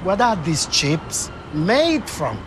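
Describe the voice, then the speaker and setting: A slow, stiffly formal man keeps apologizing as he asks again, his high voice swinging widely in pitch. It is a film comedy scene recorded outdoors with clear traffic noise behind. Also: sing-song, exaggerated voice. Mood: baffled. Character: overly polite, baffled man questioning. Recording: outdoor street noise, passing cars.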